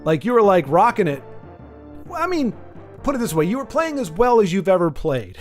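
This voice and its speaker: High-voiced man chatting on a stream. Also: big pitch swings, normal speed, long pauses, faint music behind. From United States. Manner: rambling and jokey, talking straight to viewers by name. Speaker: livestreamer talking to chat. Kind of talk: casual livestream chat.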